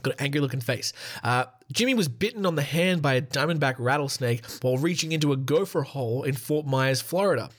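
On his casual one-man podcast, a man reads off a list a little quickly, his medium-pitched voice fairly bright and lively in intonation. He's giggly and irreverent, laughing at himself and stopping midway to joke around.

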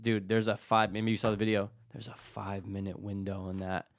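A man's voice: fairly low pitch, flat delivery, brisk, gravelly, dry recording, studio quality. Swearing young man chatting on a podcast. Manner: crude, swearing, rambling storyteller. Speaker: podcast co-host. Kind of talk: casual podcast chat.

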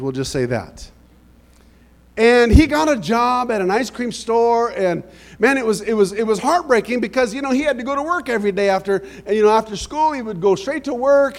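A middle-aged man preaching a sermon, telling stories and asking the congregation "amen?". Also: sits high. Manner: storytelling, frequent "amen?" to the congregation. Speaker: pastor.

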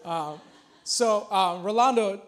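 Male pastor, thirties, very high voice; casual sermon that builds by repetition, small church. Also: takes it slowly, a bit bright. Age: 30s. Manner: casual, repeats himself, builds to emphatic points. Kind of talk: conversational sermon.

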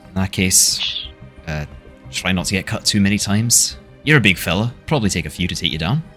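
A man voicing a small, wary deep gnome who gives blunt, clipped advice. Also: animated, fairly quick, a bit bright, soft background music. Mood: warning.

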